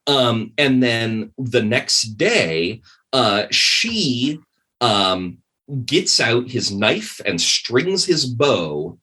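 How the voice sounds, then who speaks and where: Animated, husky-voiced man telling a story. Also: mid-range voice, extremely slow. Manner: rambling, animated, many fillers. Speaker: podcast guest, game designer. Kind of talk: casual podcast storytelling.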